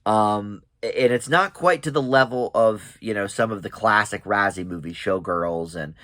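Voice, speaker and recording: A man's voice: fairly low pitch, normal speed, fairly bright tone, dry recording. A man giving a casual, rambling spoken movie review, full of fillers and restarts, chuckling now and then. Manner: chuckles while talking. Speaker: film reviewer.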